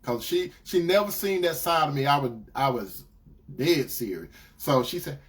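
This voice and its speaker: A man preaching to his listeners, telling a personal story with animated re-enacted dialogue and direct asides to them. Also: on the high side, normal speed. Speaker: preacher and host of a talk stream. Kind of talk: dramatic personal storytelling to a congregation.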